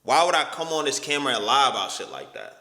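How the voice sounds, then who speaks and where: Young guy ranting back at a critic, bright lively voice, swears a lot, echoey room w/ long reverb. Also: medium pitch, fast talker. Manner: exasperated, swearing, incredulous. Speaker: YouTuber reacting to a critic's video. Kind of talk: casual reaction commentary.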